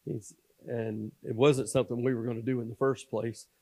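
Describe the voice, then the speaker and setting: A man, speaking as a guest at a church and telling a personal testimony in a folksy storytelling manner. He moves from loud, emphatic preaching to a quiet, confiding tone. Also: mid-range voice, level tone, normal speed, breathy edge. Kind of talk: sermon testimony. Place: church sanctuary.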